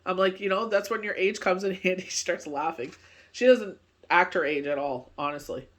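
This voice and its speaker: A woman's voice: fairly low pitch, normal speed, a bit bright. Chatty woman giving a tarot reading. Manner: chatty, rambling, constant filler phrases. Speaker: tarot card reader. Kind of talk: casual tarot reading chat. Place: speaking from Canada.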